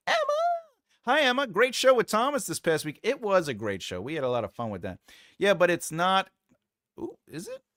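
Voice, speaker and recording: A man's voice: sits high, big pitch swings, moderate pace, long pauses, a bit bright, no echo, studio quality. A man hosting a casual livestream and reading out viewer comments. He rambles, trails off while searching for names, and laughs often. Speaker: writing livestream host.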